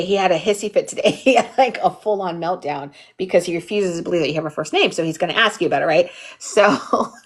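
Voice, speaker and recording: A young adult woman hosting a live workshop, chatting casually and telling an animated family story full of quoted voices. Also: on the low side. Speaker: workshop host. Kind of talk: casual livestream chat.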